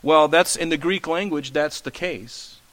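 A man's voice: on the high side, measured pace, fairly bright tone, poor audio. A male pastor preaching a conversational sermon, often asking the congregation questions. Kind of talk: expository sermon.

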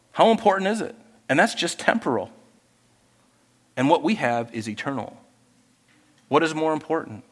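Animated pastor with a higher voice, preaching in a reverberant hall. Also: male voice. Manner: animated, acts out quoted people in higher voices. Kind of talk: sermon.

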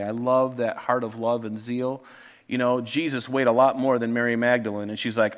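A male pastor reading scripture aloud and preaching a sermon, earnest and emphatic, slowing down to stress key phrases. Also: mid-range voice. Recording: reverberant church hall.

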